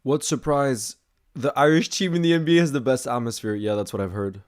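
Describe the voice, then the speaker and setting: A young man at a mid pitch, talking loosely through a live match stream while he answers viewer messages. He stays casual and chatty, then breaks into excited shouts when something big happens. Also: fairly quick. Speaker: football streamer reacting live. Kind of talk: casual live watch-along chat, reading viewer messages.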